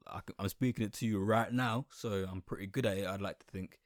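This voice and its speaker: A man's voice: fairly low pitch, steady tone, fairly quick, no room sound, studio quality. A young man from England with an English accent, whose first language was Sylheti Bengali, talking candidly in a casual, conversational monologue and swearing now and then. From Colchester, England. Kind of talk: personal reflective monologue.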